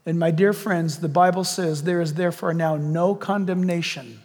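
Man, pastor, sermon, high voice, animated delivery. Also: normal speed, hardly any pauses, big-room sound. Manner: animated, acts out villain lines in hushed voice. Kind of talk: sermon with closing prayer.

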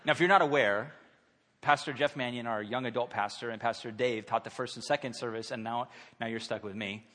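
A man in his thirties preaching a sermon in a church, conversational and animated, acting out quotes. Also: mid-range voice, brisk. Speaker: pastor. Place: church sanctuary. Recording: long hall reverb.

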